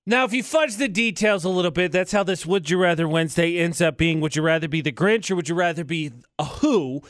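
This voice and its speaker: A man co-hosting morning radio, playful and quick to argue a point. His voice sits a bit high, and the studio mic keeps it close and dry. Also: smooth, dry recording. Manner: playful, argumentative, quick shifts in emphasis. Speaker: radio co-host. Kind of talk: casual morning radio chat.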